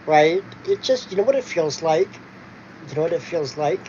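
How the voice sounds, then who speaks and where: A man's voice: on the high side, animated, normal speed, a little mellow. A man chatting casually in a home vlog, rambling with many fillers and restarts. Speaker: vlogger. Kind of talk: casual chat. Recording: dull lo-fi sound with faint noise.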